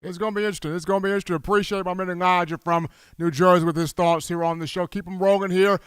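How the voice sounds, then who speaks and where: Male call-in host, high, crisp voice, upbeat, stumbles at times. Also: fairly even intonation, racing, a bit bright, no echo, studio quality. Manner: upbeat, stumbling over words. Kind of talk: call-in sports talk.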